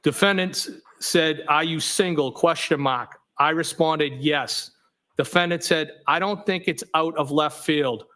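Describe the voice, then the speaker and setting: A man testifying as a trial witness, reading text messages aloud in a steady, matter-of-fact way, saying the punctuation out loud. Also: fairly high pitch, a little slow. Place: courtroom.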